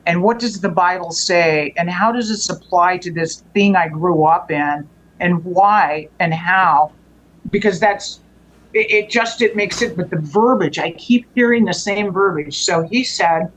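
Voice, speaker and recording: Speaking at a measured pace in a lowish voice, this female show guest earnestly recounts a lengthy personal story. She rambles, keeps starting over and fixing what she said, and the rough recording carries slight background noise.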